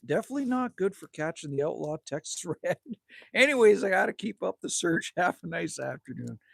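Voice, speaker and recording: A gravelly, high-pitched Canadian man in his fifties hosts a casual livestream outdoors by a campfire at his cabin, reading viewer comments and trading crude banter with chat. He talks briskly with big swings in pitch, and his fairly bright tone is slightly rough, with no echo.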